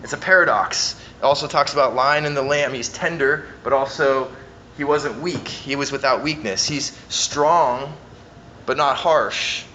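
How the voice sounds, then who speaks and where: A man preaching a sermon, reading scripture aloud and swinging between emphatic stress and quiet, hushed lines. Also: medium pitch, unhurried, highs cut off, a little hiss or hum. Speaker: pastor.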